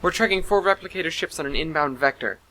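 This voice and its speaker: A man voicing a stressed woman sensor officer who talks fast and breathlessly. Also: on the high side, sharp tone, pitched above the performer's own voice, low-quality recording. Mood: urgent.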